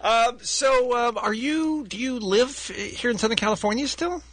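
A man with a husky, bright voice hosts a radio chat, teasing his co-host dryly. His pitch swings widely while the sound stays close and dry, with no room around it. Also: normal speed, no room sound. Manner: teasing, deadpan.

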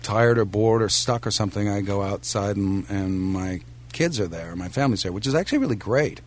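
A man in his forties from the United States, a guest musician talking in a relaxed, thoughtful way with frequent ums and restarts in a radio interview. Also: fairly low pitch, a little fast.

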